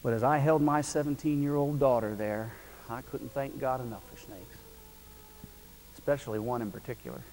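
A middle-aged man preaches in a folksy, animated way, rising to loud points and dropping to near-whispered storytelling. His voice sits at an ordinary pitch for a man. It rings with long reverb in a big hall, over a faint hiss. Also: normal speed. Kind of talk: sermon with storytelling.

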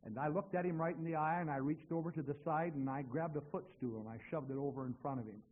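A man's voice: on the high side, quick pace. A man preaching a sermon, telling a story in a dramatic way and acting out both sides of a conversation. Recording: tinny phone-like sound.

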